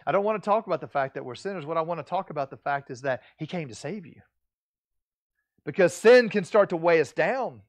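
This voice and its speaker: A middle-aged man preaching from the pulpit with a slightly high-pitched voice. He speaks earnestly and emphatically, stumbling into restarts and pressing harder on key words. His delivery swells toward the lines he most wants to land. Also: animated, quick pace, no echo. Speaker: pastor. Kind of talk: sermon.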